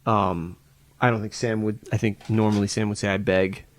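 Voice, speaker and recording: A man's voice: on the low side, fairly even intonation, moderate pace. A man co-hosting a podcast in casual chat, rambling and searching for words with many restarts. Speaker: podcast co-host.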